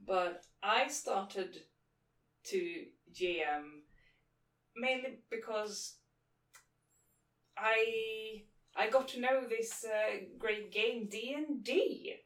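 A woman in her thirties with a Swedish accent, co-hosting a casual podcast in a tentative, self-deprecating way. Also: fairly high pitch. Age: 30s. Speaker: podcast co-host, game master. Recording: roomy, distant mic.

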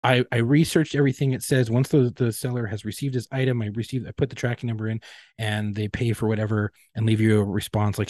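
A man's voice: lowish voice, fairly even intonation, a little mellow, no echo, studio quality. A man co-hosting a podcast, telling a profane, heated story in casual chat. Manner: fast, profane ranting storyteller. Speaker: podcast co-host.

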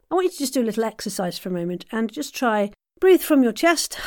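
A woman hosting a podcast, leading casual vocal warm-ups in a chatty, playful, self-deprecating way and counting breaths slowly as she coaches. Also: on the high side, sing-song. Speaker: podcast host leading voice exercises.

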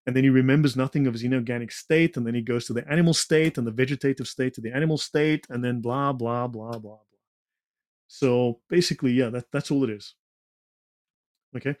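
A man presents slides during a conversation, giving a rambling, lecture-like talk dotted with sarcastic asides. His mid-range voice is fairly even in intonation, slightly fast and a little mellow, recorded dry with clean studio sound.

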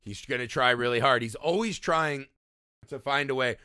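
A man's voice: medium pitch, moderate pace, pushed and bright, smooth, no room sound, clean studio sound. A man co-hosting a casual film discussion, loose and profane, who keeps tagging his points with "right?". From small-town America. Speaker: podcast co-host.

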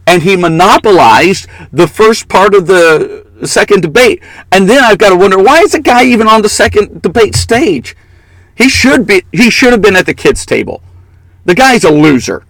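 A man's voice: high voice, very animated, normal speed, gravelly, fairly bright tone, no room sound, low-quality recording. Opinionated man talking politics, dry sound. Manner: opinionated, mocking, laughs often. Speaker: political talk show co-host. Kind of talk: casual political commentary.

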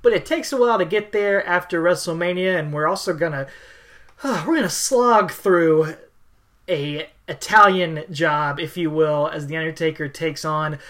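A woman's voice: deep voice, moderate pace, a bit bright. A woman hosting a podcast in casual chat, enthusiastic, wordy and playful. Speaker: podcast host.

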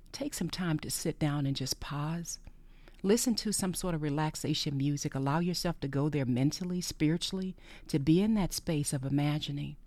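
Earnest and faith-driven, the host's podcast monologue leans on repeated phrases and frequent breathy whispers. The mid-range voice has a somewhat dark tone, and there's no room sound.

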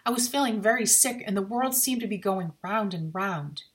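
A woman narrating a ghost story in an expressive, suspenseful reading. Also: mid-range voice, normal speed.

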